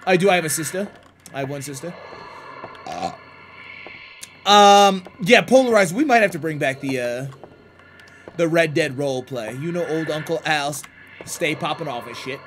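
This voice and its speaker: Lively, hyped-up male game streamer. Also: a little high, moderate pace, long pauses, noisy background. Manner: hyped, profane, teasing chat banter. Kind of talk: live-stream chat while gaming.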